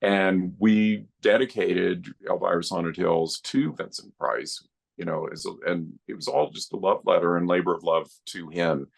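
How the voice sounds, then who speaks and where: A man's voice: deep voice, normal speed, vocal fry. A middle-aged man, a guest filmmaker on a podcast, reminiscing in an earnest, heartfelt way. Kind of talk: podcast interview.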